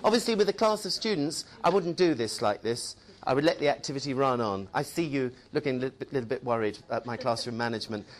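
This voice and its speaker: A man presenting to a room of teachers in a friendly, talkative way. His voice sits in a middle pitch, and he often checks in with his listeners. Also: lively intonation, fast, hardly any pauses. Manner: chatty, tag questions. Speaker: teacher trainer. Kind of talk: workshop presentation.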